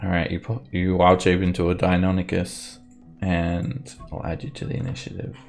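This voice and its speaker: A man narrating combat as game master of a tabletop game, relaxed and descriptive. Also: deep voice, moderate pace, creaky.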